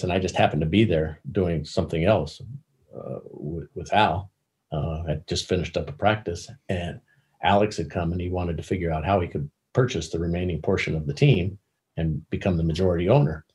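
An older man telling anecdotes as an interview guest, halting and repeating words as he searches for them. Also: sits low, a little mellow. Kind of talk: casual anecdotal storytelling.

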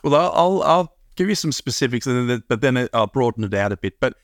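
A man's voice: mid-range voice, animated, fairly quick, no room sound. Australian man, dry rambling interview talk. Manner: rambling, many restarts and fillers. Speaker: math curriculum founder, guest.

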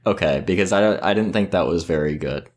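A man co-hosting a podcast in casual chat, reacting and laughing often. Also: brisk. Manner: reactive, laughs often, lively swings in pitch. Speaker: podcast co-host.

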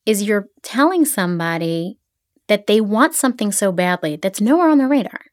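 A middle-aged woman from the Philadelphia area, a podcast guest, chatting casually and telling stories with quick asides. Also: medium pitch, no echo, studio quality. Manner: animated storyteller, quick asides. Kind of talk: casual interview chat.

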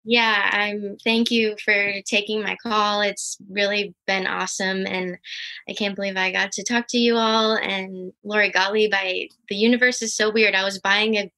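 A young woman calling in to an advice show, speaking softly and hesitantly with nervous laughs. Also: medium pitch, little pitch movement, moderate pace, poor audio. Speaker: caller. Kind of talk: phone-in conversation.

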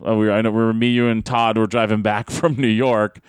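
A man's voice: fairly low pitch, brisk, clear, resonant tone, no echo. Guy telling wild road trip stories, laughs a ton, does little voices, dry mic. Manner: animated storyteller, laughs often, acts out voices. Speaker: pro wrestler, podcast guest. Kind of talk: casual podcast chat.

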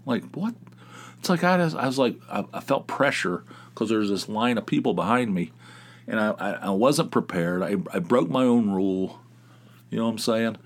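Low-voiced man, rambling podcast chat. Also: animated, normal speed. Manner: rambling, self-mocking storyteller who gets fired up. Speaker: podcast host. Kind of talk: casual solo chat.

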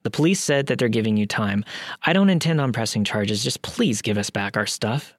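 A man's voice: mid-range voice, animated, normal speed, no echo, studio quality, natural voice. A man voicing a pleading, emotional middle-aged mother in a told story. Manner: pleading, earnest.

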